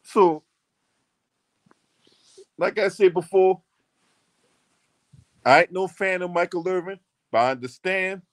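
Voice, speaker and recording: A man's voice: sits high, a bit bright. A man hosting his own channel, giving a ranting commentary that is emphatic and profane, and repeating lines for stress.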